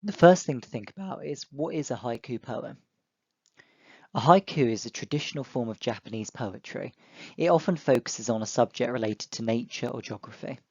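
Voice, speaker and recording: Young male teacher, dry close mic, mid pitch, clear and encouraging with children. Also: darkish tone, no echo, dull audio. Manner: clear, encouraging, speaks to pupils directly. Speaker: primary school teacher. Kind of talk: online lesson for children.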